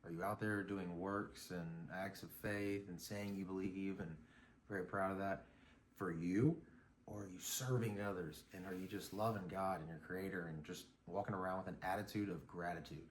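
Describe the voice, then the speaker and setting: A man's voice: low-pitched, steady tone, moderate pace, slight background noise. A man talking casually in a vlog, rambling and reflective, with lots of fillers and restarts. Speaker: vlogger. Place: outdoors on a morning run.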